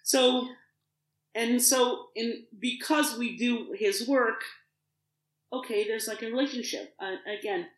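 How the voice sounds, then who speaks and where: A middle-aged woman, a podcast guest, telling an emotional personal story in an animated way, acting out the voices of others and often restarting her sentences. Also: fairly high pitch, slow pace, reverberant, rough recording.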